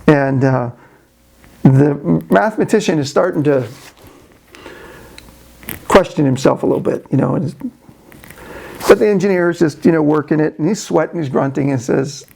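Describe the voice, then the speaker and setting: Gravelly man telling a joke. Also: on the high side, normal speed, long pauses, a little mellow, poor audio. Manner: rambling, restarts, lots of "you know". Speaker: video blogger.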